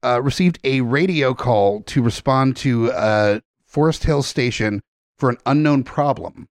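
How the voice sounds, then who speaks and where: A man's voice: mid-range voice, animated, a little slow, no echo, studio quality. Man co-hosting a joking podcast chat. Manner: joking, reads a news story aloud with asides. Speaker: podcast co-host.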